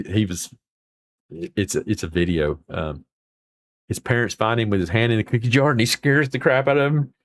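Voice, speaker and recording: A man reads viewer comments on his livestream, rambling casually in a folksy style with some mild cursing. His voice is creaky and fairly low, and there is no room sound.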